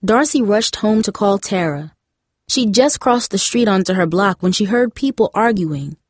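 A woman narrating a chapter book in a steady, measured reading. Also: medium pitch, no room sound, clean studio sound. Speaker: audiobook narrator. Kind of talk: scripted story narration.

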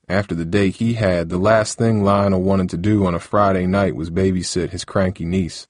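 Deep-voiced man narrating a novel. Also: steady tone, moderate pace, hardly any pauses, no room sound, studio quality. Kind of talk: audiobook narration.

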